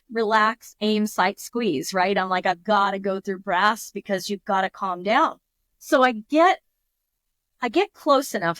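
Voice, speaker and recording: A woman guest on a podcast, telling a story in a lively, casual way and acting out her own thoughts in quotes. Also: medium pitch, no room sound.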